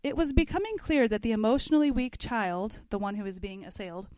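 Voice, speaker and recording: A woman's voice: on the high side, brisk, a little mellow, no room sound. A woman teaching a parenting class, reading passages aloud from a book and adding casual comments with questions to her listeners. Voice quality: conversational, asks the class questions.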